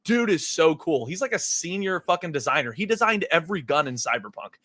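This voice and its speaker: Bright, animated young man telling stories. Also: a little high, a little fast, no echo, studio quality. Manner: animated storytelling, swears a lot, laughs often. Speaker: podcast co-host. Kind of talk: casual podcast chat.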